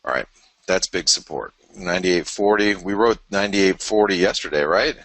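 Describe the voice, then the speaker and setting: A man's voice: low voice, normal speed, fairly bright tone, dry recording. A man hosting a live market show, casually talking through charts as he thinks aloud, with self-deprecating asides. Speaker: forex market commentator, show host.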